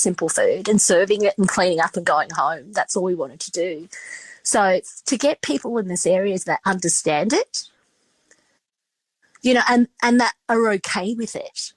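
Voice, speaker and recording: A woman's voice: medium pitch, husky, dry recording, rough recording. A middle-aged woman with an Australian accent telling stories in a casual interview, chatty and full of restarts and quoted dialogue. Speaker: restaurateur and podcast guest.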